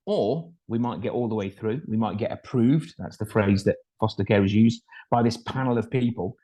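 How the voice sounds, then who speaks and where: A man's voice: fairly low pitch, moderate pace, dark tone, rough recording. A middle-aged man, a foster carer telling a self-deprecating story from his home kitchen. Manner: self-deprecating anecdotal storytelling with voiced quotes. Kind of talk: storytelling talk.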